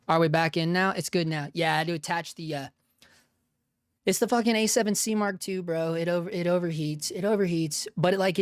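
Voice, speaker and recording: A man's voice: a little high, dry recording, clean studio sound. A man hosting a casual live stream, laid-back and profane, laughing often and calling people dude and bro. He has an unusual voice that he uses for cartoon work.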